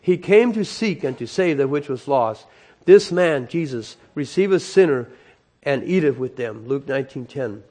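A man preaching, telling a long story dramatically, swinging between loud emphasis and soft hushed moments. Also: mid-range voice, expressive, moderate pace. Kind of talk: sermon storytelling.

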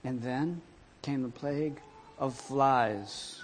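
A man's voice: medium pitch, takes it slowly, a little hiss or hum. A man telling a Bible story and reading archaic scripture in a dramatic, emphatic way.

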